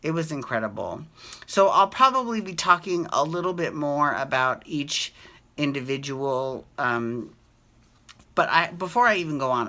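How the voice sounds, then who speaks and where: A man's voice: mid-range voice, bright, forceful tone. A man hosting a casual soap opera recap, talking in a gushing, emotional way and swearing freely. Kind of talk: casual chat.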